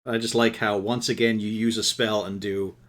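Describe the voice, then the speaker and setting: A man's voice: lowish voice, flat delivery, moderate pace, a bit bright. A man running a tabletop game over a live stream, teasing his players and laughing often. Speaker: game master.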